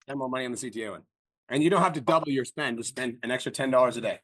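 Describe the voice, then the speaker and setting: Brash, fast-talking profane male coach. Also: mid-range voice, fairly bright tone, no room sound, clean studio sound. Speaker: business coach. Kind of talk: blunt coaching call.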